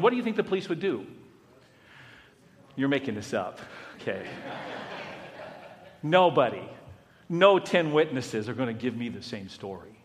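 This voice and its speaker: Pastor, male, fairly high voice, sermon style, dramatic loud-to-hushed swings, long hall echo. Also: expressive, brisk. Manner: storytelling with repeated lists and rhetorical questions.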